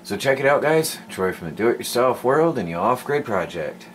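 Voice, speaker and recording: A man's voice: medium pitch, big pitch swings, moderate pace, a little hiss or hum. A man vlogging from his snowy homestead, chatting in a rambling, casual way and sometimes out of breath from the cold and hauling firewood. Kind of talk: casual vlog narration. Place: outdoors in snow at a homestead. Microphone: handheld camera mic.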